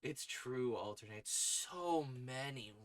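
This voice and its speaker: A man's voice: mid-range voice, expressive, slow pace. A man hosting a story-reading podcast stream, chatting casually and playfully between readings and teasing his cats. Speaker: podcast host reading old stories aloud. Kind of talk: casual chat on a live stream.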